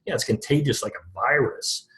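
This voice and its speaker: A man's voice: medium pitch, normal speed, fairly bright tone. A middle-aged man talking shop as an interview guest. He keeps it loose and conversational, restarts his sentences often, and laughs at his own jokes. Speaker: guest, lead generation company founder. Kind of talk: casual interview talk.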